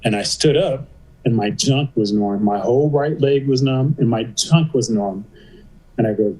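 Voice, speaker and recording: A man's voice: lowish voice, steady tone, normal speed, darkish tone, rough recording. A man, a podcast guest, telling a personal story in casual talk and acting out the voices of people he quotes.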